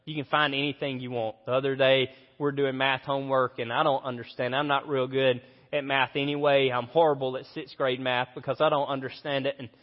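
A man's voice: mid-range voice, little pitch movement, brisk. A man in his thirties preaches a sermon in a church, earnest and conversational with a dry self-mocking streak. His voice carries the long echo of a large hall, and the recording sounds a little dull. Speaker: pastor. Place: church auditorium.

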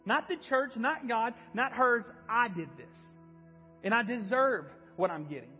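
A man's voice: very high voice, expressive, unhurried, big-room sound, muffled recording, soft background music. A man preaching a sermon in a church and sharing an earnest personal testimony. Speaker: pastor. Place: church sanctuary.

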